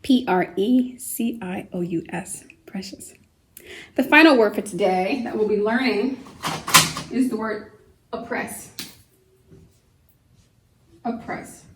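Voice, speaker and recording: A woman teaching a kindergarten vocabulary lesson at home, speaking slowly and patiently, spelling words out letter by letter and asking the children gentle questions. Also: medium pitch, slight background noise, rough recording. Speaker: homeschool teacher.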